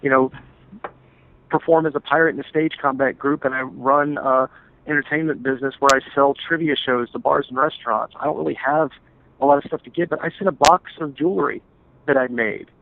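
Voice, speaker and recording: Earnest man with a gravelly voice. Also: mid-range voice, steady tone, a little hiss or hum. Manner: earnest, halting, with many restarts. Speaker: interview guest, stepfather. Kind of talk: emotional personal account. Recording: tinny phone-like call audio.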